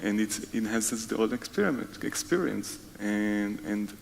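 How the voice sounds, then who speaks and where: A male tour guide talks softly in a low, gravelly voice, often breaking off to hunt for the right words. The recording carries a long hall reverb with faint ambient noise behind it. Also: expressive. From Israel. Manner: soft-spoken low talker, halting and searching for words. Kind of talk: casual interview conversation.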